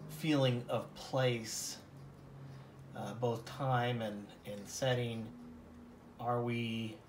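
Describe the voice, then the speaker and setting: A man's voice: mid-range voice, echoey room, background noise. Rambling American man teaching oil painting. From Colorado, USA. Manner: rambling, self-deprecating, many fillers. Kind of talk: casual painting tutorial.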